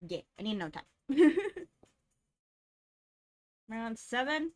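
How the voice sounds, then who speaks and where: Woman streamer, high and lively voice, casual and giggly, greets chat one by one. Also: slow pace. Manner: bubbly, laughs often, greets chat by name.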